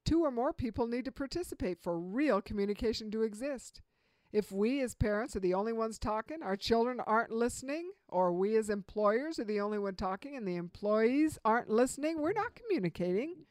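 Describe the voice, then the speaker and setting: A middle-aged woman giving an earnest instructional talk, slowing down to stress key points. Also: fairly high pitch, animated, darkish tone, no room sound. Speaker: communication speaker.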